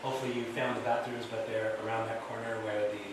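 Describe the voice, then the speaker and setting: A man's voice: fairly low pitch, flat delivery, fast. A man, the organizer, making casual housekeeping announcements to an audience. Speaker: event organizer. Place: school hall. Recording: echoey hall from far off, noise.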